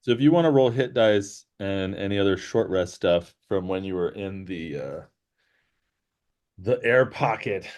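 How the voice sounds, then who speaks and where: A man running an online tabletop game as game master, relaxed and halting, with many fillers. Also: sits low.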